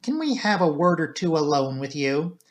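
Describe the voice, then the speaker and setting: A man's voice: fairly high pitch, big pitch swings, normal speed. A man voicing a blunt, stubborn male police inspector who talks brusquely.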